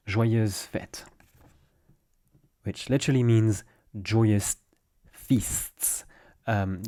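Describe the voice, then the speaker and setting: French-accented man teaching pronunciation. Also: on the low side. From France. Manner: relaxed, patient explaining with small fillers. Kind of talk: explaining pronunciation to camera.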